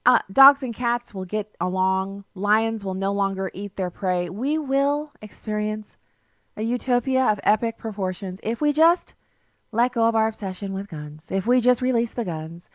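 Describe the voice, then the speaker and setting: A woman's voice: mid-range voice, moderate pace, no room sound, clean studio sound, natural voice. A woman putting on the voice of a naive, dreamy gun-ban idealist, sing-song and exaggerated, to mock the idea.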